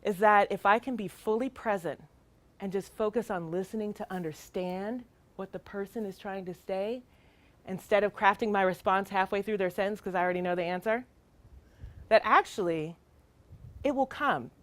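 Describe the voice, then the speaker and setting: A woman's voice: mid-range voice, normal speed, dry recording. A middle-aged woman, a child welfare worker, giving an earnest, emphatic training talk with rhetorical questions.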